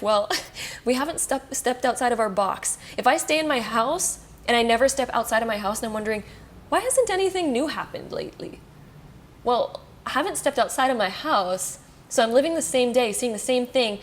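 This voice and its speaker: Fast-talking, excited woman tarot reader. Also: a little high, slight background noise. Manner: fast, excited, reassuring, with many fillers like "like". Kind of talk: casual pick-a-card tarot reading.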